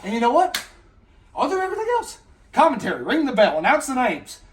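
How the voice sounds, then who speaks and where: Excitable, shouty sketch director. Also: male voice, very high voice, fast, distant mic. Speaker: documentary interviewer and director. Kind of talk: comedy sketch.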